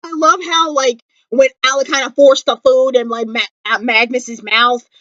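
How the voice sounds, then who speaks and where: A woman's voice: high-pitched, fairly even intonation, moderate pace, bright, forceful tone, no echo, dull audio. A young woman vlogging a fan review of a TV episode, gushing and dramatic, full of "like" and fillers. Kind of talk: excited fan review chat. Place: indoors at home.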